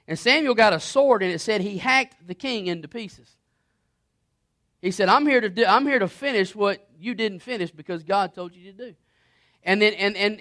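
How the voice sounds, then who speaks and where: A man preaching a sermon, reading scripture and retelling Bible stories, often repeating words as he builds momentum. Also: high voice. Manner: animated, repeats words and restarts, quotes scripture.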